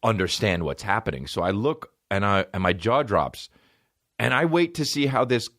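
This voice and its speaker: A man's voice: medium pitch, big pitch swings, normal speed, a bit bright. A man in his thirties hosting a podcast, telling a long comedic story with lots of swearing and acting out quoted people in different voices. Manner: rambling, profane, acts out quoted people in shifting voices. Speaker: podcast host.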